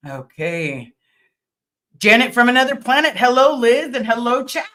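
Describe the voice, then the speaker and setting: A woman's voice: fairly high pitch, big pitch swings, moderate pace, sharp tone. A middle-aged woman hosting a casual livestream, reading viewer comments aloud and answering them in an earnest, thankful way with frequent ums. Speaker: livestream host.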